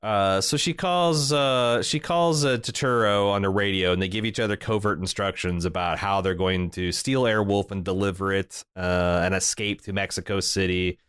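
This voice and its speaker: Man, podcast co-host, sardonic recap, low smooth voice, dry close mic. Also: moderate pace, few pauses, fairly bright tone, no room sound. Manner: sardonic, profane, quotes the show in put-on voices.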